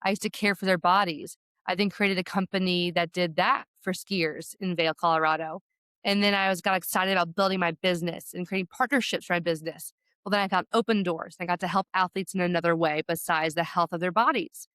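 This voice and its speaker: A woman's voice: fairly low pitch, steady tone, a little fast, fairly bright tone, dry recording. A woman who founded a sports agency, talking eagerly as an interview guest. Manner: eager, enthusiastic. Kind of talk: conversational interview.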